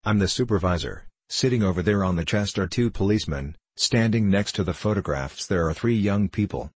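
A man's voice: low-pitched, fairly quick, slightly rough, dry recording. A man voicing an earnest, anxious young male clerk in an audiobook, insistent and eager to explain.

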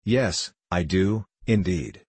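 A stern, exacting writer scolds in curt, clipped tones, as a man reads him. The voice is deep and a little husky. The sound is dry and close. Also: lively intonation, slow pace, a little mellow, dry recording, full character voice. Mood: cross. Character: cross, exacting male writer, stern critic. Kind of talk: audiobook character reading.

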